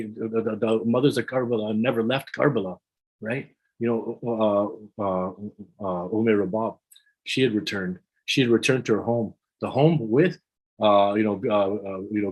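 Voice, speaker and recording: A man leading a religious gathering and giving an emotional sermon in a husky voice, climbing into high, impassioned pleading as he retells a story. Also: poor audio. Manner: builds to high-pitched impassioned pleading, with many restarts.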